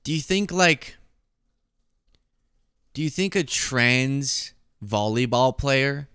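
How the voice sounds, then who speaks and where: A man's voice: medium pitch, animated, slow pace, fairly bright tone, clear, resonant tone, no room sound, studio quality. A man hosting a political commentary show, talking casually in a sarcastic, mocking way and laughing at his own jokes.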